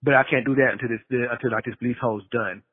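A man's voice: mid-range voice, steady tone, rapid-fire, slightly rough. A man co-hosting a podcast by phone, venting in a casual, frustrated rant that trails off. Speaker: podcast co-host calling in. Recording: tinny phone line with long reverb.

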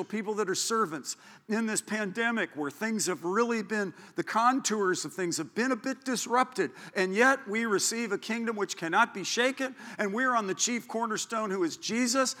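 Male pastor, excitable storyteller, sharp high voice, long hall reverb. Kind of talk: sermon. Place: church. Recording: echoey church hall.

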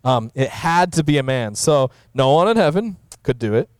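A man, a pastor, teaching through a Bible passage in a casual, conversational way, with many fillers and rises in pitch for emphasis. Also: animated, moderate pace, dry recording, studio quality.

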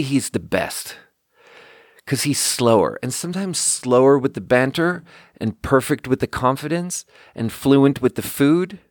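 A man's voice: medium pitch, no echo, clean studio sound. A young man hosting a podcast, telling stories in a rambling, profane, casual monologue with bursts of laughter. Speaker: podcast host.

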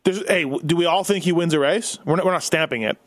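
A man leading a relaxed sports conversation, quick to tease and joke with his co-hosts. His voice sits a little high, and the recording is dry with no room sound around it. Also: no echo. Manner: joking, teasing. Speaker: podcast host. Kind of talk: casual sports chat.

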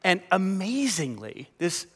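A man, a pastor telling a personal story in a sermon, animated and self-mocking, acting out the dialogue. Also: high-pitched, slow, husky, big-room sound.

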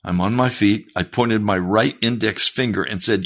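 A man's voice: on the low side, normal speed, fairly bright tone. A male preacher retelling a first-person story in his sermon, emphatic and challenging his listeners directly.

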